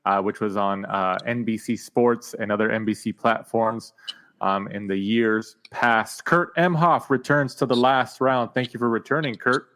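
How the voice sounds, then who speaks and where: A man's voice: lowish voice, unhurried, fairly bright tone. A man hosting a podcast, upbeat and joking, with frequent fillers as he reads fight results. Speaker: podcast host.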